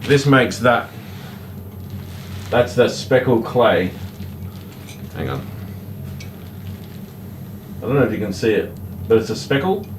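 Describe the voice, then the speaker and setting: A man's voice: mid-range voice, takes it slowly, pauses often. A man co-hosting a casual live stream, chatting and explaining crafts with restarts and laughs. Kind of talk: casual chat. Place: home room. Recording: roomy, far from the mic, noisy.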